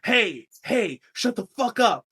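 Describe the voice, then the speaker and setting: A man's voice: high voice, fairly quick, a bit bright, no room sound, studio quality, pitched above the performer's own voice. A man voicing a whiny, moody young boy lord who sulks and pities himself. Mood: indignant. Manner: sulky, self-pitying. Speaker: podcast host.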